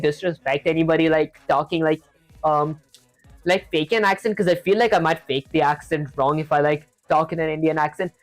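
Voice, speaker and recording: A man streaming live coding, talking quickly in a casual, chatty way, reading instructions aloud and filling gaps with fillers. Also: a little high. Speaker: programming streamer.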